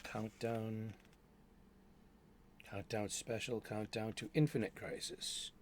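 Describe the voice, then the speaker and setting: A man's voice: fairly low pitch, fairly even intonation, slow pace, noisy background. Rambling middle-aged man chatting about comics. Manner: rambling, many restarts and fillers. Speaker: host. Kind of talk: casual solo chat about comic books. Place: home studio.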